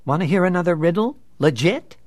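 Man doing a smug clever teenage boy, high and quick, dry close sound. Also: animated, no echo. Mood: sly.

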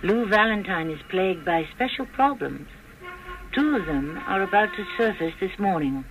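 Theatrical radio-drama host, measured. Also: male voice, sits high, animated, background noise. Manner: measured, declamatory.

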